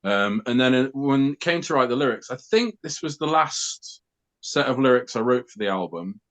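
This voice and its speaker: A man in a band who writes the lyrics, talking casually in an interview and often pausing with ums. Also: mid-range voice, lively intonation, a bit bright. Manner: hesitant, full of ums and restarts.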